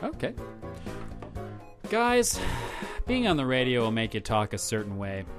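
A man's voice: medium pitch, wildly swooping pitch, a little slow, music in the background. A man hosting an improvised comedy bit with a playful, mock-announcer delivery. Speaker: comedy show host.

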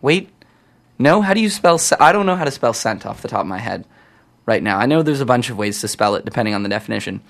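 A man's voice: medium pitch, animated, quick pace, creaky. A young man from Canada talking casually on air as a campus radio DJ, chatty and wandering off topic, correcting himself often. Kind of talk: rambling casual on-air chat.

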